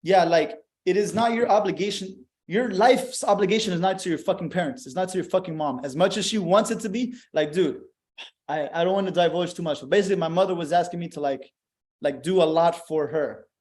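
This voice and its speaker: A young man talking bluntly in a casual podcast chat, swearing a lot and getting animated. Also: high voice, a little fast. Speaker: podcast host.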